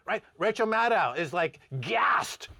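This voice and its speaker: A man co-hosting a talk show, ranting sarcastically in animated commentary. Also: on the high side, brisk, no echo. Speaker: co-host.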